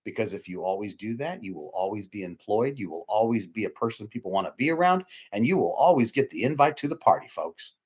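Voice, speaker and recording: A man delivering a loose, conversational sermon to his congregation. He rambles, restarts his sentences and repeats himself, swinging from emphatic loud bursts to low, quiet murmurs. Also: very animated, quick pace, few pauses, husky. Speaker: preacher. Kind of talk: informal sermon.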